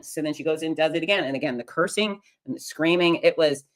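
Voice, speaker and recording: Female host, middle-aged, deep-pitched voice, candid and funny confessional storytelling. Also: fast. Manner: frank, humorous, confiding and animated. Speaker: podcast host.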